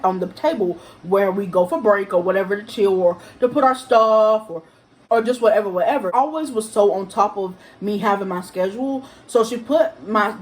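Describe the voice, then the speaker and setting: A young woman telling a casual storytime vlog to camera at home, acting out the quotes of the people in her story in a higher voice. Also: rough recording. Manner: animated, acts out quotes in a higher voice. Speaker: vlogger.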